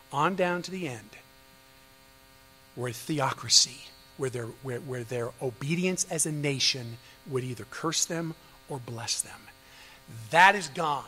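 A male pastor gives a fervent sermon in a sharp, high-pitched voice, pounding on rhetorical questions. He drops into soft, hushed stretches before rising again to loud, forceful emphasis. It was recorded in a large hall at low quality.

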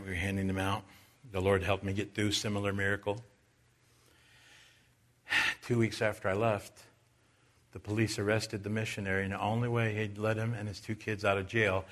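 A man who is a Baptist preacher, giving a sermon that swings from loud, high preaching to quiet storytelling. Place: church.

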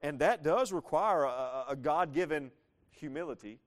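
Man preaching an animated sermon. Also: fairly high pitch, moderate pace. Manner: animated, asks the congregation questions, acts out quoted lines. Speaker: pastor.

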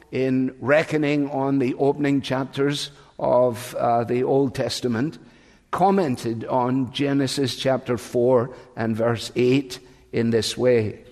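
A man's voice: mid-range voice, a little mellow. An older man preaching a sermon as pastor, raised in England, in a conversational, storytelling way. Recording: long reverb of a large hall.

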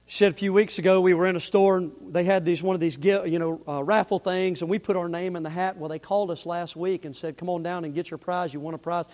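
A man preaching a sermon, telling a story with lively energy before turning soft and earnest. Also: high-pitched, fast, hardly any pauses. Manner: animated, rising to near-shouting in the story, dropping soft and earnest for the appeal. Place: church sanctuary. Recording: long hall reverb.

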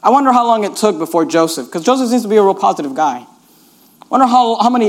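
A man's voice: high-pitched, lively intonation, fairly quick. A man preaching a sermon in an earnest, emphatic way, urging listeners again and again to notice each point.

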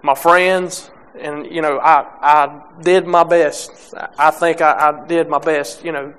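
A young man preaching a sermon, halting with many restarts and fillers, reading scripture and speaking plainly about faith. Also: a little high, level tone, a bit bright, clear, resonant tone.

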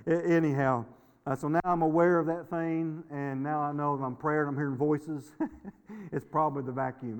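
A middle-aged male pastor preaching a sermon in a folksy, storytelling way, repeating words and laughing often. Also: on the high side. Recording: long hall reverb.

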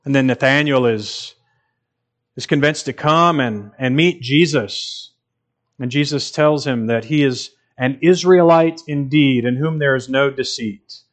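A man's voice: mid-range voice, measured pace. A man preaching a sermon in an earnest, emphatic way, repeating phrases for stress.

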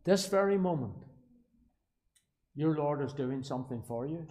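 A man with a Belfast accent preaching a sermon, shifting from quiet asides to loud, emphatic declarations and repeating key phrases. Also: on the high side, expressive, measured pace. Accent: Northern Irish, Belfast. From Northern Ireland. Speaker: pastor.

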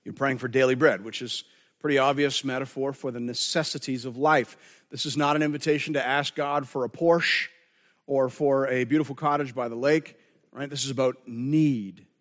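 A man's voice: medium pitch, steady tone, normal speed, fairly bright tone, big-room sound. A man preaching a sermon as pastor, earnest and conversational, often restarting his phrases.

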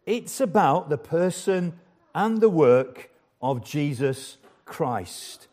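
A man's voice: on the high side, animated, takes it slowly, a little mellow. An older man preaching a sermon as the church's pastor, earnest and emphatic, repeating key phrases for weight.

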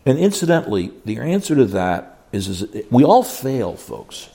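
An older man lectures to a class in a folksy, emphatic way, stumbling into restarts as he goes. His voice sits at a middling pitch for a man but leaps and swoops with lively energy. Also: moderate pace, creaky. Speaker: Bible teacher. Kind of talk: classroom lecture on biblical counseling.

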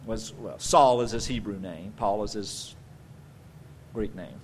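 A man preaching a sermon as pastor, swinging from loud emphatic bursts to quiet conversational asides. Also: on the low side, slow, slight background noise.

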